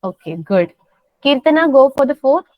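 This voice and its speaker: A woman teaching a soft skills class, coaxing her students and repeating simple phrases. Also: sits high, sing-song, moderate pace, no room sound, dull audio.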